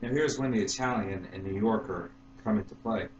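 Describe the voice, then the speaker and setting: A man talking casually to his channel's viewers, halting and unhurried, with fillers and restarts. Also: lowish voice, highs cut off. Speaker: YouTube vlogger. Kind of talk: casual vlog to camera. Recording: roomy with faint hum.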